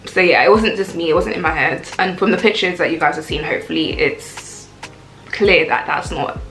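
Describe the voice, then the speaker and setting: A young woman, telling a casual storytime rant in a chatty, animated way. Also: lowish voice, a little fast. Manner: chatty, animated, lots of "like" and "I was like". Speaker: vlogger. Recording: echoey room with faint music.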